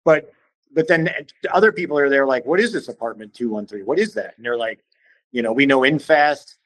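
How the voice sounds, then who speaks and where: A man from Cleveland telling stories as a podcast guest, animated and acting out what other people said in quick little voices. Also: mid-range voice, no room sound, low-quality recording. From Cleveland, Ohio. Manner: animated, acts out quoted voices, swears casually. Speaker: podcast guest, band vocalist. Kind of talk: casual storytelling in conversation.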